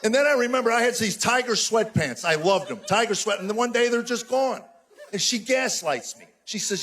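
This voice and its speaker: A man's voice: extremely high pitch, animated, brisk, a bit bright. A man in his sixties doing a stand-up routine on a live stage, telling exasperated stories with punchy mock outrage. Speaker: stand-up comedian.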